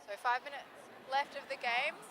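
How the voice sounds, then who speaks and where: A woman's voice: high-pitched, steady tone, moderate pace, a crowd in the background, noisy background. A woman with an Australian accent doing easygoing live commentary on a roller derby game.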